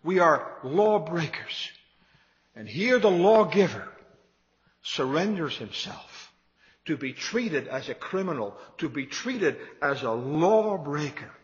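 A man's voice: on the high side, big pitch swings, slow, big-room sound, muffled recording. A man preaching a sermon to his congregation, emphatic and repetitive, building his points with rising emphasis. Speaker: pastor.

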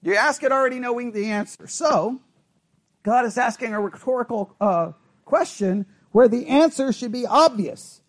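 Animated high-voiced male Bible teacher. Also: moderate pace. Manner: animated, asks the class questions, self-correcting.

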